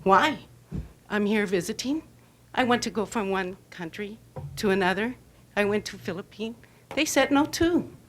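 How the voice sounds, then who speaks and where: An older woman from Arizona speaking at a public comment, halting and emotional. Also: mid-range voice, expressive, a little hiss or hum. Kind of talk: public comment at a board meeting.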